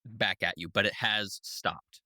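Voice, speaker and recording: Bright-voiced male game master. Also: fairly low pitch, steady tone, a little slow, no room sound. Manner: easygoing, descriptive, filler-heavy narration. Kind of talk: narrating a tabletop game.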